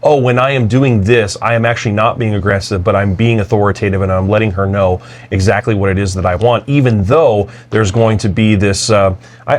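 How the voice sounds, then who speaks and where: Low-ish voiced guy thinking out loud, agreeable, on a chatty podcast. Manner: thoughtful, slightly halting, agreeable. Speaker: podcast co-host. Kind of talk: casual conversational podcast.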